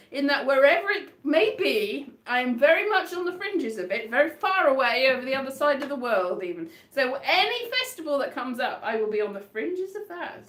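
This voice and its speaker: A woman's voice: high-pitched, fairly bright tone. A woman performing solo on a live stream, chatting in a rambling, whimsical, playful way and wandering off on tangents. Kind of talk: rambling improvised comic chat between songs. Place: indoor room. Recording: echoey room with faint guitar.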